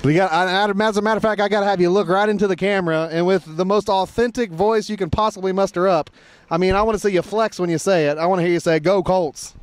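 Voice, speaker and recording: A man's voice: high-pitched, fairly even intonation, fast, clear, resonant tone, no room sound. A man reporting from an outdoor football training camp, chatting and joking with fans in a teasing, playful way. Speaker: sideline reporter. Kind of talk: casual field interview.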